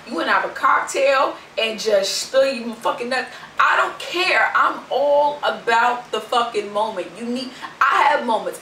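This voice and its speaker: A woman's voice: on the high side, pushed and bright, reverberant, distant mic, slight background noise, rough recording. A young woman vlogger telling a story in a brash, sassy, profane rant.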